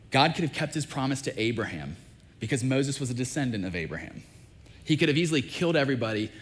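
Storytelling male pastor preaching. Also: medium pitch. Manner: animated storytelling, acts out quoted dialogue. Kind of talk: sermon.

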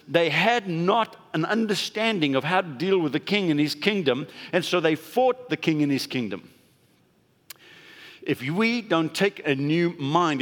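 A man's voice: fairly high pitch, fairly bright tone. A man pastor giving a conversational sermon, leaning hard on stressed words for emphasis. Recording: long hall reverb.

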